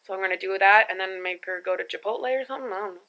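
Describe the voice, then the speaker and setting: A young woman talks straight to her phone in a loose, rambling vlog, laughing at her own slips. Her voice is strikingly bright and sits at an ordinary pitch. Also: rapid-fire, rough recording. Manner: chatty, rambling, laughs at herself. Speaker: vlogger. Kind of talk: casual travel vlog. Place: family home, then in a car.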